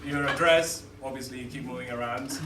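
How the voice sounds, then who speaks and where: A man's voice: mid-range voice, steady tone, brisk. A man, from India, performing live stand-up comedy in a chatty, cheeky way and laughing at his own jokes, on a venue stage. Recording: echoey live room from a distance, loud crowd. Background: loud audience laughter and cheers.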